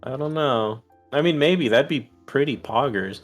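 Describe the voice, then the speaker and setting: A young man playing a tabletop game, rambling excitably and swearing in casual chat. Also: mid-range voice, unhurried, faint music behind. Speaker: player.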